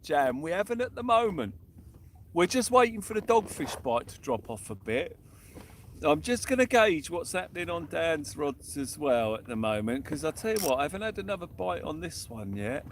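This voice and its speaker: A man's voice: a little high, big pitch swings, normal speed, fairly bright tone, a little hiss or hum. Chatty man commentating from a boat. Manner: chatty, cheery running commentary. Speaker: fishing vlogger. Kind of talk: live-stream commentary. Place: outdoors on a small boat at sea.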